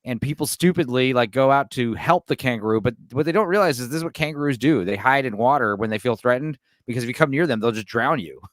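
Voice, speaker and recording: A man's voice: mid-range voice, expressive, fast, few pauses, no room sound. Guy chatting about a bad movie, mid voice, super dry sound, rambles with likes and you knows. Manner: rambling, lots of fillers like "like" and "you know". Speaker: guest. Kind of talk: casual chat.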